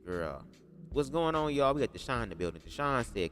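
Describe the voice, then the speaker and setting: A man's voice: mid-range voice, big pitch swings, fast, long reverb tail, faint music behind. A man casually commenting on a livestream, talking loosely with plenty of swearing and calling out viewers in the chat. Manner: loose, profane, talks to the chat. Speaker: streamer reacting to a video.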